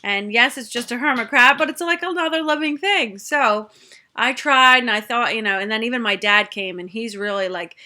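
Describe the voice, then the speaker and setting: A woman's voice: on the high side, normal speed, sharp tone. A young woman, a mother, chatting through a family story in a casual storytime, with plenty of fillers and acted-out quotes.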